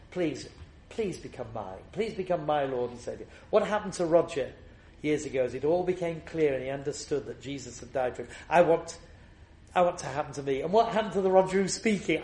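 A man's voice: a little high, darkish tone, reverberant. A man preaching a sermon, telling a personal story and building to emphatic repeated refrains.

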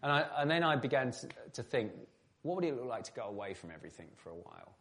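A man's voice: mid-range voice, very animated, fast talker, a bit bright. A middle-aged man from England answering interview questions at an evening event, chatty and self-deprecating, with many restarts. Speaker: guest, former footballer turned pastor.

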